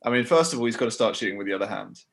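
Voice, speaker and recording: A man's voice: lowish voice, animated, racing, gravelly. A man with an anglicised Australian accent co-hosting a casual sports podcast, chatty and reasoning through his points. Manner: chatty, laughs often, builds reasoned points. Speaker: podcast co-host.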